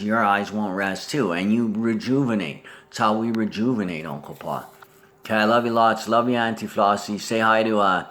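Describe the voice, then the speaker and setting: A man's voice: fairly low pitch, a bit bright. A man in a rambling spoken monologue, swearing and jumping between topics while talking to absent relatives. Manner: talks to absent relatives as if present.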